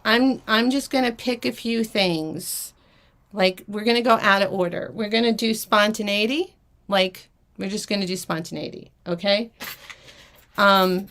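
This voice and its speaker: Slightly high and fairly bright, this woman's voice moves a bit slowly as she runs a vintage jewelry auction live stream. She's flustered and rambling, with frequent laughter, fillers and restarts in her casual chat.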